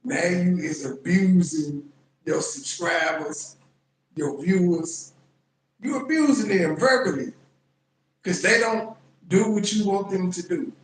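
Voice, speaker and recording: High-voiced man mocking a clip. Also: takes it slowly, reverberant, poor audio. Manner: mocking, incredulous, blunt. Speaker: commentary channel host. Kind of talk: reaction commentary.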